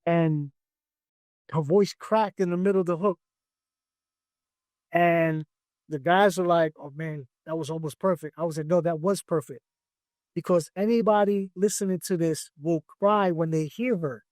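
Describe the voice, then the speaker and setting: Male producer as podcast guest, higher voice, dry close sound, animated storyteller who acts out the dialogue. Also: measured pace, long pauses, no room sound. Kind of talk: casual interview storytelling.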